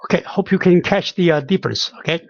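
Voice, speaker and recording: Male teacher, slow careful pronunciation lesson, dry and dull recording. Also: high voice, creaky, no echo. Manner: slow, careful, repeating sounds with pauses. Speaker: language teacher. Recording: dull, lo-fi sound.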